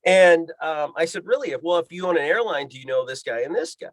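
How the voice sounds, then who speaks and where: A man's voice: a little high, lively intonation, brisk, dry recording. A man telling a story as a podcast guest, acting out the voices in the dialogue he quotes. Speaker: guest, pilot and fishing guide. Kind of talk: animated storytelling.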